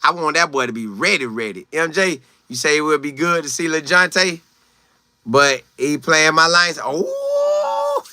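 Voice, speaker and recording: A man hosting a live sports talk stream, reading out viewers' comments and answering them with animated, repetitive emphasis. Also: on the high side, measured pace. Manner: repeats phrases for emphasis, acts out quotes. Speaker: sports talk show host.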